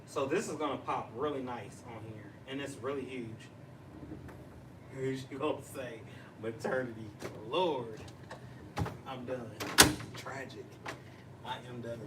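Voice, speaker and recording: A man hosting a casual livestream chat, chatty and excitable, laughing and teasing as he talks. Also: medium pitch, a little slow, long pauses. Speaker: livestream host. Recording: distant mic with noisy background.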